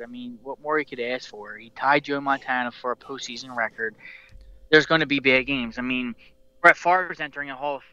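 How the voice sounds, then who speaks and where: A man's voice: medium pitch, fairly quick, sharp tone, clear, resonant tone, no echo, lo-fi sound. A man hosting a casual sports talk show, rambling passionately like a devoted fan and restarting his sentences often. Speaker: podcast host.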